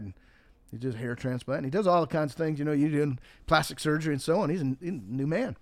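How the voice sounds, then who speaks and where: A man's voice: fairly high pitch, quick pace, dry recording. Folksy, emphatic man telling stories. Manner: folksy storyteller, emphatic, forceful when riled. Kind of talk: casual political talk and joke-telling.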